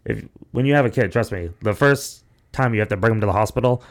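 Gravelly low-voiced young man rambling. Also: fast. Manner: rambling, profane, acts out quoted voices. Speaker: podcast host. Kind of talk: casual storytelling.

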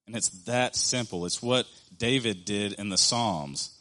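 An earnest man in his thirties delivers a sermon in a plain, conversational way. His voice sits a little low, and he slows down with deliberate pauses when he wants a point to land. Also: sharp tone. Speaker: preacher.

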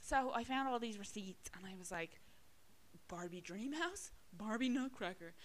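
A woman's voice: medium pitch, animated, normal speed, low-quality recording. A young Irish woman co-hosting a podcast, chatting casually, swearing a lot and filling her talk with "like" and "right?". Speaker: podcast co-host. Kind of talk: casual chat.

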